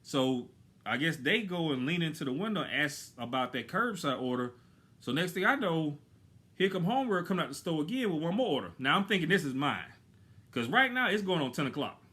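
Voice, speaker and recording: A man telling a story casually, animated and slangy, acting out his own lines. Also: fairly high pitch, fairly quick, husky.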